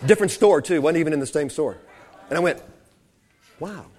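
A male pastor preaching, rambling through anecdotes with frequent restarts before rising into fervent emphasis. His voice sits a little higher than most men's. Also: fast talker, a little mellow. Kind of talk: sermon.

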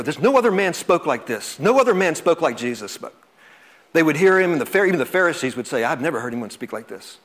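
A man preaching a sermon, earnest, repeating words and swinging from loud emphasis to soft, slow passages. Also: fairly high pitch.

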